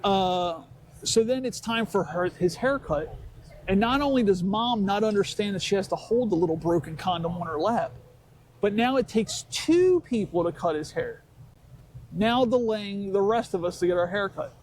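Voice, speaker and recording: A man's voice: high voice, animated, normal speed, a little hiss or hum. A man co-hosting a casual chat podcast, ranting sarcastically about everyday annoyances. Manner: sarcastic complaining rant with put-on mocking voices. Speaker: podcast co-host.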